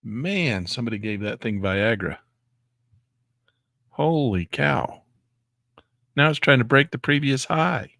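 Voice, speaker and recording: A man giving excitable live commentary on his day trades, talking to himself and exclaiming as prices move. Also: medium pitch, a little fast, vocal fry, few pauses, no room sound, clean studio sound. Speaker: day trading educator.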